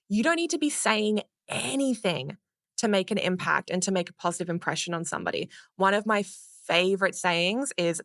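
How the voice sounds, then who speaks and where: An Australian woman, a public speaking coach, giving energetic, playful advice in a podcast interview and casually swearing now and then. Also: medium pitch, dry recording, studio quality.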